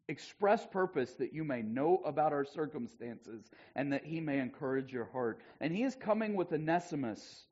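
A man preaching a sermon as pastor, chatting with the congregation and swinging from loud emphasis to hushed asides. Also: medium pitch. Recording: dull lo-fi church recording.

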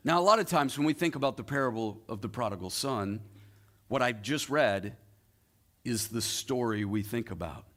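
A male pastor preaching a sermon, retelling a story with rhetorical questions and dramatic pauses. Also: mid-range voice, expressive, fairly bright tone.

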